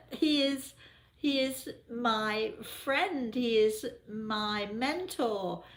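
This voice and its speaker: A woman's voice: a little high, drawn-out words, echoey room. A woman with an English accent, hosting a casual live chat and laughing often. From England. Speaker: host.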